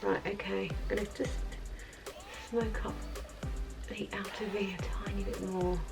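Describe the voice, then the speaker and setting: A woman vlogger chatting in a rambling way through a makeup tutorial at her office, sometimes dropping to soft murmurs. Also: medium pitch, level tone, measured pace, vocal fry, pauses often. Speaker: beauty vlogger. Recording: mic at a distance, faint background music.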